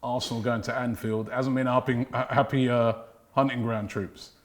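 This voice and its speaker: A man's voice: medium pitch, little pitch movement, normal speed. A man hosting a football chat show who steers the talk and sets up each topic with questions. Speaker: host.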